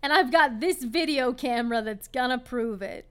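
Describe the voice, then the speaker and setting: High-voiced wry woman co-host. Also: moderate pace, fairly bright tone, clean tone. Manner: wry, jokey, riffs on characters' lines. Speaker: podcast co-host. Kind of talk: casual movie recap chat.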